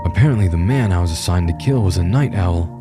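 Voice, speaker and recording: A man's voice: low-pitched, animated, quick pace, over music. A man narrating a first-person horror story in a tense, grim storytelling manner.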